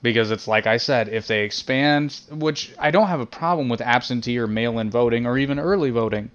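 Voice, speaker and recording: A man's voice: mid-range voice, brisk, muffled recording. A man co-hosting a podcast in casual banter, earnest and opinionated as he lays out his arguments. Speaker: podcast co-host.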